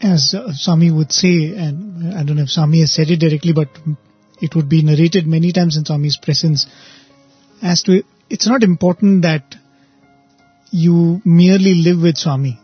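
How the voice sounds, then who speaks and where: A man's voice: fairly high pitch, normal speed, breathy edge, no room sound, muffled recording, soft background music. A man in a casual reflective chat, speaking thoughtfully and a little hesitantly.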